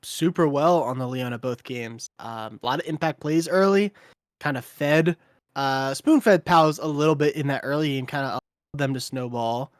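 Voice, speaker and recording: A man giving color commentary on a live esports match, laid-back and halting, with many fillers. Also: mid-range voice, no echo, studio quality. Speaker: esports co-caster.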